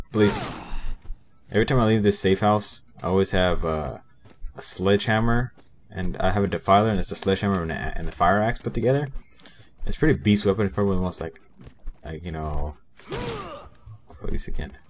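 Deep-voiced young man rambling over gameplay. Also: slight background noise. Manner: rambling, many fillers, mutters to himself; talks back to game characters. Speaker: gameplay commentator. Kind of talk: casual let's play commentary.

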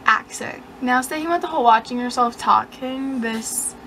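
Young woman, vlogger, slightly high voice, joking and chatty, faint hiss behind. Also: normal speed, a bit bright, poor audio. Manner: chatty, joking, mock-boastful. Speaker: YouTuber. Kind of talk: casual chat to camera.

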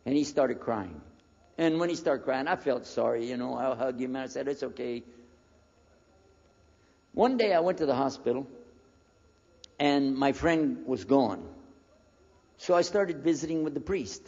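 An American preacher in his sixties tells a personal story as a lecture, animatedly acting out the conversations he remembers. His voice is medium in pitch and moves at a normal speed. The recording is dull and lo-fi, captured in a reverberant hall.

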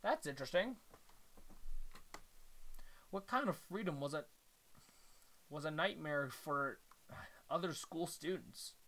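A man reads a comic aloud for his reaction video in a bright, somewhat high voice. He takes his time and keeps breaking off the reading to comment. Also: animated, slow pace, long pauses.

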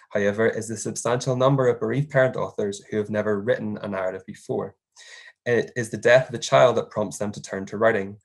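A young doctoral researcher with a voice on the low side reads an academic paper aloud. His delivery is measured and formal, and he marks each quotation out loud.

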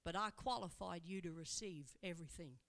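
A woman preacher voicing Jesus as a calm, tender man who speaks softly and slowly in a sermon. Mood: tender, steadfast. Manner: slow, soft, lowered voice.

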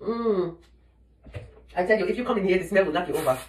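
A woman's voice: on the low side, animated, fast talker, a little mellow, reverberant, far from the mic, close to an everyday voice, poor audio. A woman playing a brash bawdy mother ranting from the toilet. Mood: complaining. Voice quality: brash, exclamatory, crude. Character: loud bawdy middle-aged mother on the toilet. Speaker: comedic mother character. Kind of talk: comedy sketch acting.

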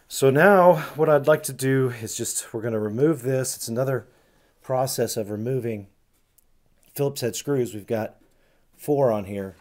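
A man with a medium-pitched voice hosts a retro electronics repair show, walking through a hands-on fix. He explains each step in a relaxed way, often using fillers and restarting sentences.

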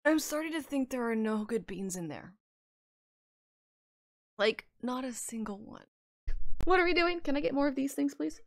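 Woman, game streamer, slightly high voice, excitable, lots of swearing, frequent laughs. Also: normal speed, long pauses, no echo, studio quality. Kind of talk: casual live-stream commentary.

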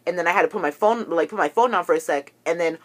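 A woman's voice: on the low side, fast. A young woman ranting to camera, agitated and profane as she tells a story about a falling-out. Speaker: vlogger.

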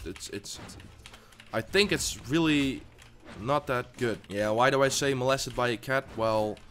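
A man commentating his own gameplay for his channel, jumping between loud outbursts and low muttering, often repeating himself. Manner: swears, stammers and repeats himself. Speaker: gaming YouTuber.

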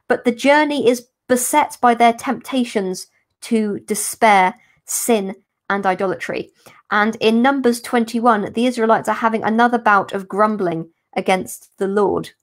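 Religious sister, woman, slightly higher voice, patient podcast teacher. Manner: explanatory, careful, unhurried teaching. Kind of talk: podcast scripture commentary.

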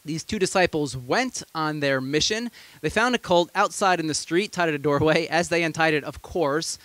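Pastor, male, fairly high voice, relaxed storytelling sermon with amused asides, close and dry. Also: normal speed, no room sound.

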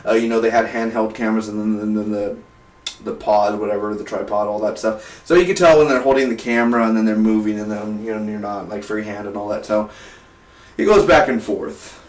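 A man's voice: on the low side, a little fast. A young man in his twenties talking casually through a film review, rambling and often restarting his sentences. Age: 20s. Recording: roomy, distant from the mic.

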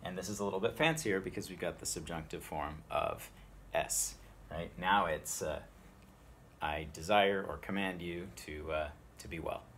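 A man teaching everyday spoken Latin phrases, explaining each one and repeating it slowly so learners can copy it. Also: deep voice, a bit bright, slight background noise. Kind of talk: spoken language tutorial.

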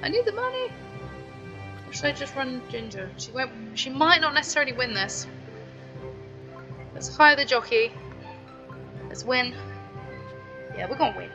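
A woman's voice: high-pitched, normal speed, long pauses, muffled recording, music in the background. A woman hosting a gaming channel, chatting casually to her viewers as she plays. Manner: chatty, talks straight to viewers. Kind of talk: casual gameplay commentary.

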